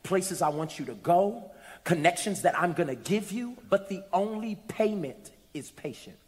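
A man voicing a calm, gentle divine voice in a sermon, soft and measured. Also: sits high. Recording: reverberant hall.

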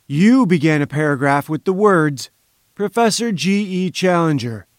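A man's voice: sits high, dry recording, studio quality, voice pushed up. A man voicing an irascible, pompous bearded professor who blusters with haughty indignation in an audiobook. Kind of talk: audiobook character voice.

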